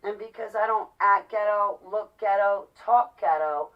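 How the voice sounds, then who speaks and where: A woman's voice: medium pitch, unhurried, a little hiss or hum. A woman talking to camera in a personal monologue, impassioned and emphatic. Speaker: vlogger. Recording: distant mic, dull lo-fi sound.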